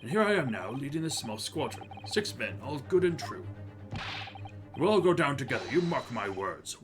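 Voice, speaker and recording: A man's voice: medium pitch, very animated, normal speed, over music. A man voicing a blustering retired army officer who serves as jury foreman. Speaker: streamer voicing game characters. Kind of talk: reading game dialogue aloud in character voices.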